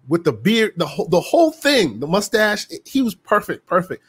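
A fairly high-pitched man hosts a casual gaming podcast, rattling on with plenty of fillers and quick restarts. His voice is close-miked and sounds dry, with no room around it. He comes across as animated and talkative. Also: husky, no echo. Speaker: podcast host.

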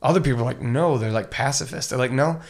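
A man talking casually as a podcast guest, animated and acting out quotes as he tells stories. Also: mid-range voice, very fast, gravelly. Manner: animated storyteller, acts out quotes.

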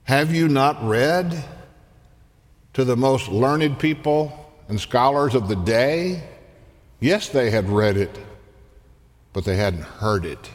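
Slow-preaching pastor in a reverberant hall. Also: male voice, animated. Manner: slow, deliberate preaching that rises in pitch on quoted scripture. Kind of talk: sermon. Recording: long reverb in a large hall.

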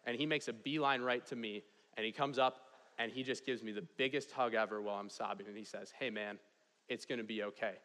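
A young man preaches with lively storytelling energy, his voice bright and forward. He keeps checking in with the listeners as he tells his story. The sound carries a long reverb from a large chapel hall. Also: medium pitch, fast. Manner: energetic, animated storytelling with frequent "right?". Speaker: chapel speaker, residence hall director. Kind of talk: storytelling sermon.

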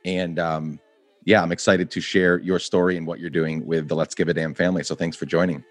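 A man's voice: low voice, little pitch movement, a little fast, no echo. A man hosting an interview podcast, effusive and affectionate toward his guest. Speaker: podcast host.

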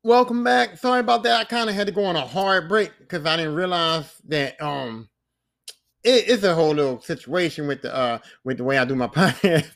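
Animated, cursing male podcast host. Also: fairly high pitch, fairly quick, vocal fry. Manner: animated, profane storytelling with sound effects. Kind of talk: casual video game recap.

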